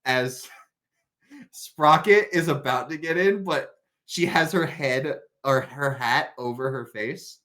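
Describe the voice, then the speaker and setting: A man's voice: fairly high pitch, slow, bright, forceful tone. A man narrating a tabletop game as game master, laughing often as he describes the scene.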